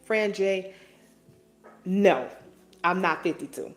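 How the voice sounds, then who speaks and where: Lower-voiced woman in her forties, teasing. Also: animated, slow, soft background music. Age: 40s. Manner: playful, teasing and profane. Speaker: live-stream host reading viewer comments. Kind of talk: casual live-stream chat.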